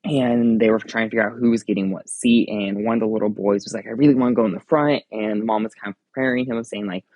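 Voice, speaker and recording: Low-voiced man rambling through a story. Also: fairly even intonation, fast, a little mellow, no room sound. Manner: rambling, leans on fillers like "again" and "like". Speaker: theme park ride operator guest. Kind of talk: casual storytelling in an interview.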